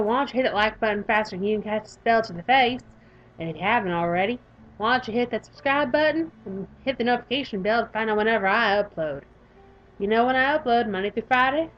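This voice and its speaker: A young woman with a Southern accent narrates her game in a bubbly, gushing way. Her voice sits a little high. The home recording is a bit dull and lo-fi, with soft game music behind her. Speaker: gaming YouTuber. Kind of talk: reading a visual novel aloud with commentary.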